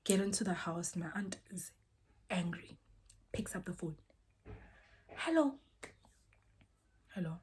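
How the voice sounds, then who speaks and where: Breathy young woman telling a story. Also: on the low side, normal speed, long pauses. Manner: animated, swings between soft near-whispers and loud exclaimed quotes. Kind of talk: casual storytime.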